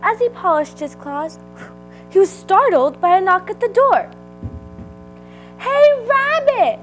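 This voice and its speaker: High, lively woman reading a picture book aloud. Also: soft background music, rough recording. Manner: expressive, slow reading. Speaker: storybook reader. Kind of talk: read-aloud storytelling.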